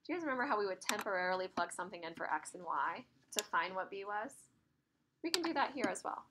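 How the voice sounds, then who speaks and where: A math teacher gives an algebra lecture in a classroom, her mid-range voice very animated and fast against a noisy background. She is chatty and laughs as she tells stories.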